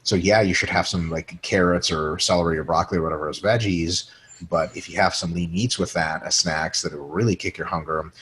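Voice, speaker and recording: A man's voice: low voice, fairly even intonation, brisk, a bit bright, slight background noise. A man co-hosting a casual podcast, joking and swearing freely while reading listener questions aloud and answering them. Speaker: podcast co-host.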